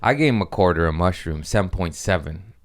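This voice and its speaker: A man's voice: sits low, lively intonation, a little fast. A man hosting a podcast, telling loose, rambling stories with swearing and laughs in a casual chat. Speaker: podcast host.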